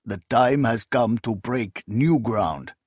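A man voicing a cold, calculating male sorcerer spymaster who speaks in a calm, measured, quietly menacing way in an audiobook. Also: medium pitch, slightly rough, dry recording, clean studio sound.

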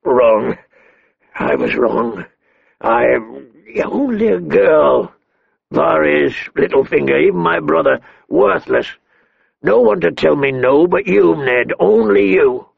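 A man voicing a hoarse, hot-tempered dying king who talks gruffly and halts with pain, in a dull lo-fi dry recording. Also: on the high side, lively intonation, dry recording, exaggerated voice. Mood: anguished. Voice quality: hoarse, gravelly. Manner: gruff, blustering, halting with pain.

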